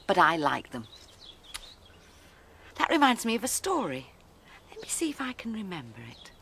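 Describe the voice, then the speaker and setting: Slow, gentle woman telling children's stories. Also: medium pitch, vocal fry. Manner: gentle, slow, sing-song. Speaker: children's TV presenter. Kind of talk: storytelling to young children.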